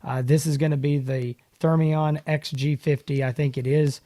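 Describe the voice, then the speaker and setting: Guy cohosting a podcast, kinda high voice, laughs a lot, dry close mic. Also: moderate pace, no room sound. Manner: animated storyteller, laughs often. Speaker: podcast co-host. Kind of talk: casual chat.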